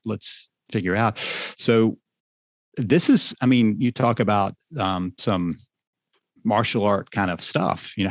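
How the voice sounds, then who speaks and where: Low-voiced man explaining calmly. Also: no room sound. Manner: measured, explanatory, gives examples from counseling sessions. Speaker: marriage therapist guest. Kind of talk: podcast interview.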